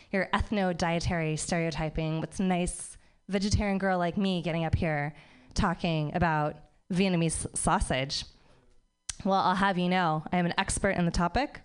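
A woman doing a stand-up set on a comedy club stage, wry, with animated mock outrage. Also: fairly low pitch, smooth.

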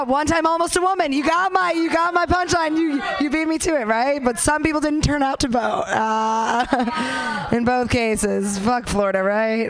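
A woman's voice: fairly high pitch, noisy background. Crude rambling young woman comic. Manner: crude, rambling, self-mocking, many likes and you knows. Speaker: stand-up comic. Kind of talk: stand-up comedy set.

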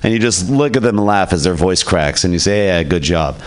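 A stand-up comic with a low, smooth voice works through his set at an open mic. He keeps a dry, matter-of-fact delivery on a stage mic. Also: lively intonation, brisk.

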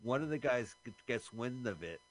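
A man's voice: medium pitch, animated, moderate pace. A man co-hosting a radio show, casually commenting on a film as he watches and explaining scenes with the odd swear. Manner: laid-back, swears casually, explains as he goes.

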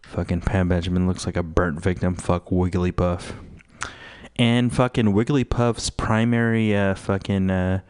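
A man's voice: sits low, little pitch movement, unhurried, darkish tone, clean tone, no echo. A man hosting a radio show, ranting in a profane, rambling, mocking way full of fillers. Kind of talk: crude rambling radio rant.

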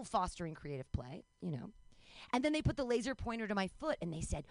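Young woman doing stand-up outside, self-mocking, rambly, dry mic, jumps way up in pitch for the bits. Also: expressive, brisk, no room sound. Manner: rambling, self-mocking, bursts of high-pitched mock panic. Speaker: stand-up comedian. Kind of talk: stand-up comedy set. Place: outdoor comedy show.

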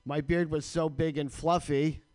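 A man's voice: a little high, little pitch movement, measured pace, darkish tone. A man hosting a radio show, ranting with crude, sarcastic comedy in a studio.

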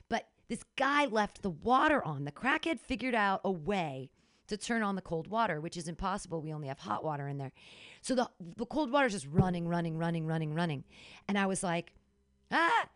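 A woman's voice: fairly low pitch, dry recording. Woman, podcast chat, dramatic, emotional, rambling, dry sound. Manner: dramatic, emotional storytelling with many restarts.

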